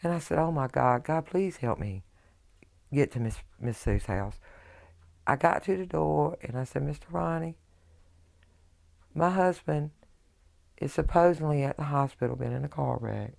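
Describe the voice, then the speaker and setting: A middle-aged woman, a widow giving emotional personal testimony in a halting way, full of quoted dialogue. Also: deep voice, creaky, a little mellow. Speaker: widow telling her story.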